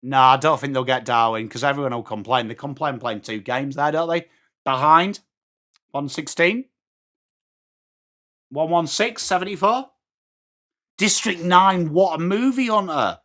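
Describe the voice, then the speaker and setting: A man's voice: fairly high pitch, unhurried, long pauses, pushed and bright. An English man hosting a live match watchalong, chatting casually and answering viewer comments while calling the play. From England. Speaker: watchalong host. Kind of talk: live stream chat.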